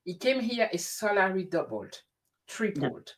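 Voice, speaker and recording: A woman hosting a casual conversation, telling stories in an animated way and often restarting her sentences. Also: medium pitch, a little slow. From grew up in France. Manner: animated storyteller with frequent restarts. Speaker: host. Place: lives in the UK.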